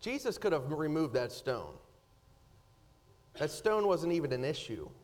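A man's voice: a little high, big pitch swings, measured pace. Man preaching with rising and falling intensity. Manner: dynamic preaching, rising loud then dropping soft. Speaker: pastor. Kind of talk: sermon.

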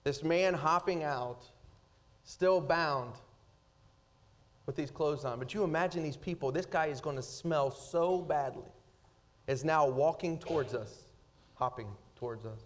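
A man preaching a sermon, swinging between loud, rising emphasis and hushed, slow passages. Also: on the high side. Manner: dynamic preaching, rising loud then dropping soft. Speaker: pastor.

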